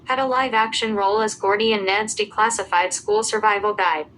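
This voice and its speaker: A woman giving a scripted narration, reading out lists of names and dates at an even pace. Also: mid-range voice, a little fast, a little hiss or hum, poor audio.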